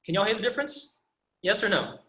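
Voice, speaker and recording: A man's voice: high voice, big pitch swings, a little fast, bright, forceful tone, roomy sound. A man teaching pronunciation over a video call, patiently demonstrating sounds again and again. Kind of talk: online pronunciation class.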